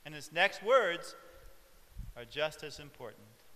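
A male preacher giving a reflective sermon, with soft chuckles along the way. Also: fairly high pitch, takes it slowly, long reverb tail.

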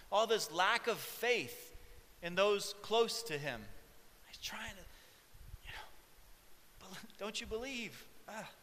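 A male preacher giving a reflective sermon, with soft chuckles along the way. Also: high-pitched, big-room sound, slight background noise.

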